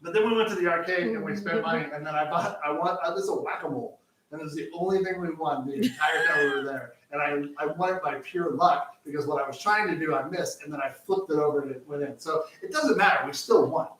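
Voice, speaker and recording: Speaking at a quick pace, a man with a slightly high, somewhat bright voice co-hosts a live cooking show. He chats casually as he cooks, rambling through many fillers and restarts, recorded roomy and distant with faint noise.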